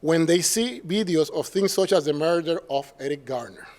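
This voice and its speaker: A man with a Puerto Rican Spanish accent gives an academic lecture to a symposium audience. His voice sits a little high, and he keeps it conversational, tossing out quick tag questions and acting out the people he quotes. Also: animated, darkish tone. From Puerto Rico. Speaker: professor giving a symposium talk.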